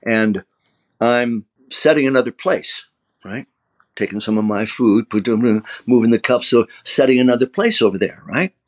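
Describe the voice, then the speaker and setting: A man's voice: mid-range voice, normal speed. Older man telling emotional stories. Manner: emotional, animated anecdotes with acted-out quotes. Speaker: actor guest. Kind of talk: conversational interview storytelling.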